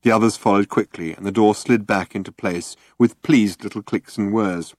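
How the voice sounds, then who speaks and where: A man narrating an audiobook with a measured, deadpan delivery. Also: lowish voice, dry recording, clean studio sound.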